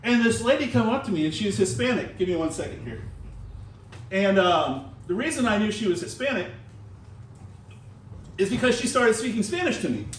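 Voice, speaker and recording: A man doing a stand-up set with a wry, self-deprecating delivery and filler pauses, into a handheld mic. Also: sits high, very animated, a little hiss or hum. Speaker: stand-up comedian. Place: small comedy room in a comic shop. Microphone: handheld mic, recorded from the room. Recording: roomy, distant audience recording. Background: audience laughter.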